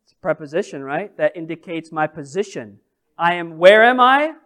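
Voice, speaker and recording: A man's voice: a little high, lively intonation, moderate pace, a bit bright. A man preaching a sermon as pastor, emphatic, with repeated phrases and rhetorical questions.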